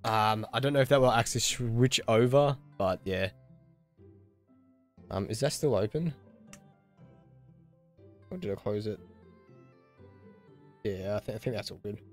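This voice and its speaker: A man's voice: fairly low pitch, a little slow, long pauses, soft background music. A man with an Australian accent chatting casually while streaming a video game, muttering to himself as he fixes his settings. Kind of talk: casual gaming stream commentary.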